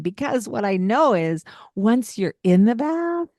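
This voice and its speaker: A woman's voice: fairly high pitch, very animated, a little slow, darkish tone, no room sound. A woman hosting a parenting podcast in casual chat, laughing often and acting out the lines a parent might say.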